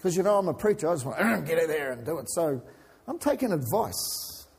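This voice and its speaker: Aussie pastor guy preaching, high-ish voice, chatty and jokey, big echoey church hall. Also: big pitch swings, a little fast, darkish tone, slightly rough. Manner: chatty, jokes with the congregation between readings. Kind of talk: sermon. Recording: long hall reverb.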